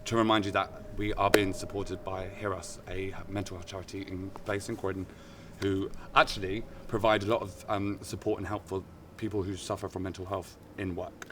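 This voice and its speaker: Man, lowish voice, rambling playful talk, faint hiss behind. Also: flat delivery, brisk, fairly bright tone, far from the mic. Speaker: co-host. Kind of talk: casual mental health discussion.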